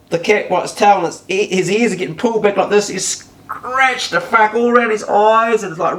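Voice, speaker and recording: A middle-aged man telling a casual, animated anecdote, swearing freely and acting out voices. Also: sits high. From New Zealand. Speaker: storyteller. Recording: roomy, distant mic.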